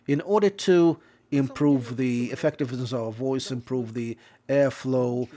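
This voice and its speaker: In a mid-range voice with a dark tone, a man lectures on interpreting as a voice-over. He explains things in a measured way, often going back over points and fixing his wording mid-phrase.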